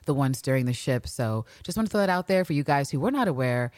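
A woman co-hosting a podcast, recapping a TV episode in casual, animated chat, swearing freely and acting out characters' lines. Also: very deep voice, quick pace, dry recording, studio quality. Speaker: podcast co-host.

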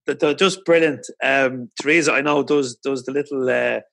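A man's voice: mid-range voice, fairly even intonation, moderate pace, gravelly, fairly bright tone. A man hosting an interview, asking questions with enthusiasm and frequent restarts. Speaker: podcast host. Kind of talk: casual interview.

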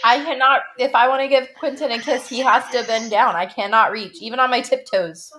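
A woman's voice: on the high side, a little fast, pushed and bright. A young woman from Illinois hosting a casual movie commentary, chatty and gushing, with lots of "like". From Illinois, USA. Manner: chatty and gushing, says "like" a lot. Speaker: podcast host.

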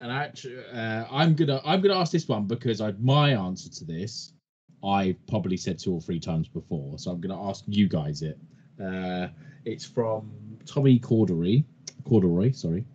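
Co-host: very deep, husky man, chatty, muffled lo-fi recording. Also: moderate pace, darkish tone. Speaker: podcast co-host. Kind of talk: casual podcast chat. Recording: dull lo-fi sound.

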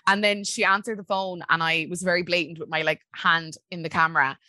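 Late-20s woman, bright tone, dry close mic, rambling chatty storyteller. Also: lowish voice, fairly even intonation, brisk, dry recording. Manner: chatty storyteller, many "like"s, laughs often. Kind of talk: casual chat.

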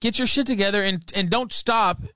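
A loud, mocking man hosting a livestream, swearing freely as he rants. His voice is bright and forceful and a little high for a man. It is recorded close and dry, with no room sound. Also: brisk, clean tone, dry recording. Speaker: livestream host. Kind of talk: casual profane ranting commentary.

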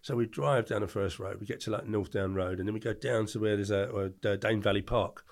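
A man's voice: fairly low pitch, fairly quick. An older man, telling a long story as a podcast guest and acting out the voices as he goes. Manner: animated storyteller who acts out the voices. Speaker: podcast guest, former doorman. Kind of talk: storytelling in a casual interview.

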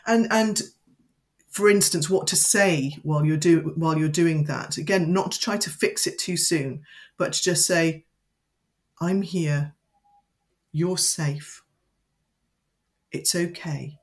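Calm, instructive woman educator. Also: low-pitched. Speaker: educator guest. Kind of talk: interview explanation.

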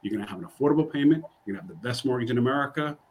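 Husky man from New York. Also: medium pitch, very fast. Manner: energetic, frequent fillers and restarts. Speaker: program staff on podcast. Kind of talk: casual chat.

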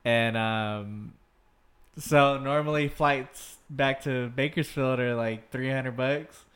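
A man's voice: mid-range voice, fairly even intonation, a bit bright. A man in casual chat with friends, rambling with lots of ums and restarts. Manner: unhurried, rambling with many ums.

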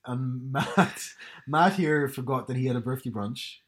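A man's voice: medium pitch, unhurried. A man co-hosting a podcast, chatting casually and acting out what people said. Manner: chatty storytelling, acts out quoted lines. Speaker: podcast co-host. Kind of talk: casual chat.

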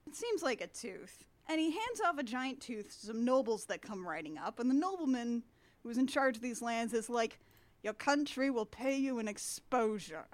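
A young adult woman with a fairly high voice talks through a film recap in relaxed, casual chat. She is dry and sarcastic and slips into quick character voices. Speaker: podcast co-host recapping a film.

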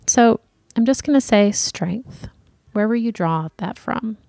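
A woman's voice: fairly high pitch, animated, gravelly, mellow, no echo, studio quality. A woman co-hosting a casual advice podcast, chatty and encouraging. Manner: chatty, encouraging, quick to laugh. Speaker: podcast co-host.

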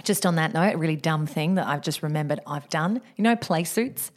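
A middle-aged woman, co-hosting a podcast in sweary, excitable casual chat. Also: low voice. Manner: sweary, excitable, quick to joke. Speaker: podcast co-host.

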